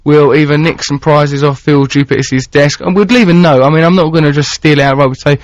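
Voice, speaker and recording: A man's voice: a little high, steady tone, quick pace, few pauses, no room sound. A man hosting a radio show, rambling playfully in casual chat and reading out listener texts. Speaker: radio host. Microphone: studio microphone. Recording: dull lo-fi radio broadcast.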